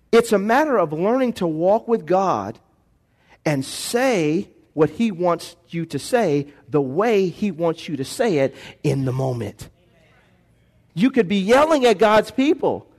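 A man preaching a sermon in a church, calling for responses from the congregation and swinging between quiet, slow lines and shouted bursts. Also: high voice. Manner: call-and-response preaching, shifts from soft to shouted. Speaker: pastor. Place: church sanctuary. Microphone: handheld or stand microphone.

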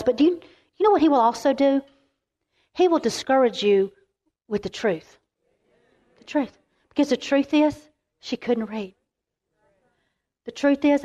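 A middle-aged woman preaching a storytelling sermon as a women's ministry speaker, animated and emphatic, often restarting her words. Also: fairly high pitch.

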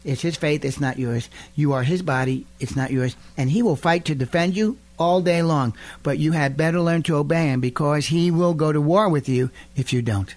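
Emphatic preacher man, fairly high voice. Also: moderate pace, hardly any pauses. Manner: emphatic, building to loud indignant rises. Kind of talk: radio sermon.

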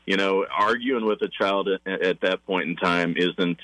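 Male interview guest, parenting class facilitator, low-pitched and bright, eager and step-by-step, recorded dry. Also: steady tone, a little slow, dry recording, rough recording. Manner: enthusiastic, explains step by step, acts out parent and child lines.

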